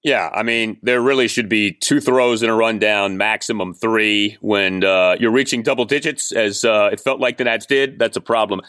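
Male host, low-pitched, dry studio sound, wry casual sports talk. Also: fairly even intonation, moderate pace, hardly any pauses, fairly bright tone, clear, resonant tone, no room sound. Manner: wry, emphatic storytelling. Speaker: podcast host.

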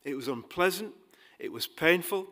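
A man preaching a sermon, emphatic, rising to loud pleading passages and dropping quiet again. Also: fairly high pitch, lively intonation, normal speed. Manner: acts out quoted dialogue with dry humor.

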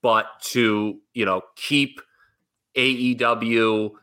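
A man's voice: mid-range voice, steady tone, extremely slow, bright, forceful tone. A middle-aged man co-hosting a podcast, chatting casually and giving opinions with jokey asides. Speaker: podcast co-host. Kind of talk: casual wrestling talk.

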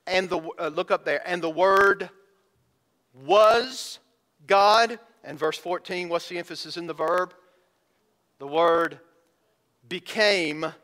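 Bright-voiced preacher stretching words for emphasis. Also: male voice, sits high. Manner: addresses congregation directly as folks. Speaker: pastor. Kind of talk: sermon.

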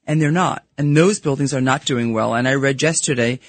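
A woman's voice: extremely low pitch, no echo. A middle-aged woman from New York with a Brooklyn accent, a guest speaking frankly and bluntly in a radio studio interview. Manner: blunt, fast-talking, frank. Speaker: podcast host and real estate broker, guest. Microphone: studio microphone.

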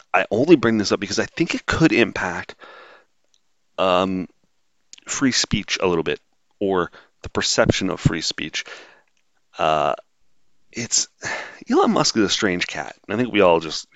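A man's voice: low-pitched, very animated, measured pace, pauses often, fairly bright tone, no room sound, dull audio. A man hosting a solo podcast, talking in a blunt, sarcastic, rambling way with lots of fillers. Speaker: podcast host.

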